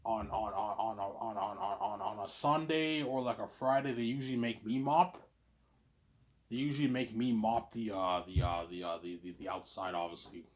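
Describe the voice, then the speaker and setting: A man's voice: on the low side, normal speed. A man talking to camera in a rambling, casual monologue, stammering and repeating words as he goes. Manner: stammering, repeats words, keeps saying "obviously". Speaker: vlogger.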